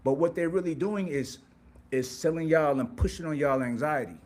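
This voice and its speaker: Hosting a live stream, this man speaks at a moderate pace in a slightly high voice with a darkish tone. He lectures motivationally and emphatically, repeating words and posing rhetorical questions.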